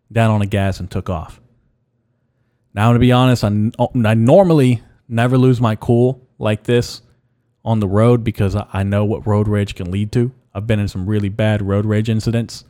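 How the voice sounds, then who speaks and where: A young man hosts a solo podcast rant in a casual style, blunt and profane and prone to repeating himself. He has a lowish, steady, mellow voice at a moderate pace, and the studio recording is clean with no echo.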